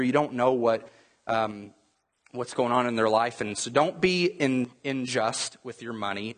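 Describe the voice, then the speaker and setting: Husky guy preaching, chatty storytelling sermon, mid-pitched voice. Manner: storytelling, conversational with many fillers. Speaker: pastor.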